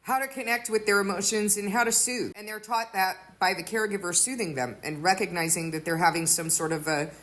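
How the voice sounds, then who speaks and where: A woman's voice: medium pitch, fairly quick, hardly any pauses, fairly bright tone. A woman giving an earnest sermon-style teaching, explaining with everyday examples. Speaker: teacher of a faith community.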